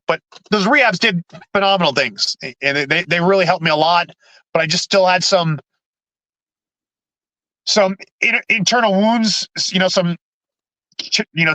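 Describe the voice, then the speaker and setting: A man, a podcast guest, telling his own story in a halting way, with many restarts and repeated words. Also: high voice, pushed and bright, dry recording, rough recording. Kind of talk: candid personal storytelling.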